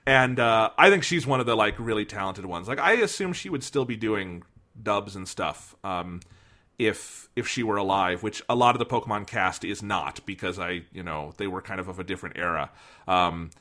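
A man chatting casually about a film, animated, laughing often and quoting lines in playful voices. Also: fairly low pitch, normal speed. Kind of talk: casual chat, film discussion.

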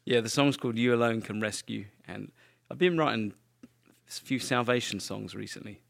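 A man appearing as a guest songwriter, talking in a relaxed, thoughtful way. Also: medium pitch, normal speed, gravelly. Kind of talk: casual chat.

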